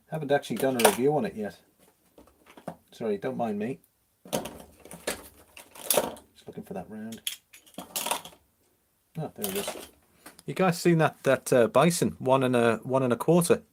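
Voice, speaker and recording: A man from Liverpool with a mixed English accent, mildly Liverpool, hosting a relaxed, casual live-stream chat and answering viewers. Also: mid-range voice, noisy background. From Liverpool, England. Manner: chatty, relaxed, reads out viewer comments with easy laughs.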